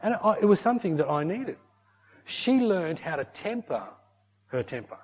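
A middle-aged man preaching a sermon in an animated, conversational way, often tagging his sentences with "eh" and "hey". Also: sits high, moderate pace. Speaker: pastor. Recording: muffled lo-fi recording.

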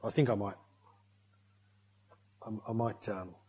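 A middle-aged man preaching a sermon in an animated, conversational way, often tagging his sentences with "eh" and "hey". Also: fairly low pitch, takes it slowly, breathy edge. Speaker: pastor. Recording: muffled lo-fi recording.

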